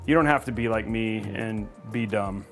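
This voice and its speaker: Faint music sits behind this man as he hosts a livestream PC build at a moderate pace in a lowish voice. He chats casually, jokes at his own expense, and leans heavily on "like."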